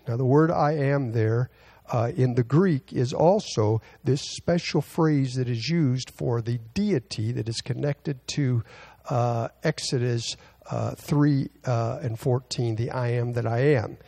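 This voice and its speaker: A man preaching a Bible teaching sermon, halting often with fillers and restarts as he reads scripture aloud. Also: mid-range voice, dark tone.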